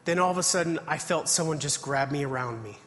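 A man's voice: on the high side, quick pace, a bit bright, a little hiss or hum. A man preaching a testimony sermon, telling his story earnestly and reading scripture aloud. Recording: hall reverb.

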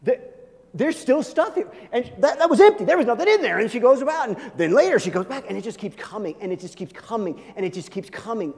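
A man's voice: sits high, a little mellow, in a large hall. A male pastor preaching an emphatic sermon, urging his listeners again and again to listen.

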